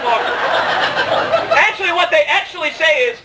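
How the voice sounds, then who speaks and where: Young guy doing standup, really high bright voice, rambly and self-mocking, mic kinda far off in a club. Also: expressive, a little fast, slight background noise. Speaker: stand-up comedian. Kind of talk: stand-up comedy set. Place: comedy club stage. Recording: distant mic in a live club, faint room ambience.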